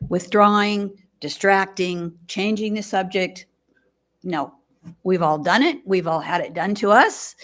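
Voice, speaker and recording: An older woman giving a gentle, reflective sermon at a fellowship service, speaking in measured phrases with pauses. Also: medium pitch. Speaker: lay speaker. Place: fellowship hall, indoors.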